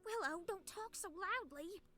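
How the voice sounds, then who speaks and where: Woman voicing anxious, high, bright Lydia. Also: lively intonation, faint music behind, full character voice. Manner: nervous, defensive, quick to protest. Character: anxious devout young woman, fearful and guarded. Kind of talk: video game voice acting.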